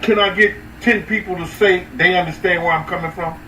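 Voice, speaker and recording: A man hosting a casual livestream, talking loosely and profanely to his chat, with sudden high-pitched outbursts. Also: fairly even intonation, brisk, sharp tone, recorded from a distance. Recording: roomy echo, off-mic, faint ambient noise.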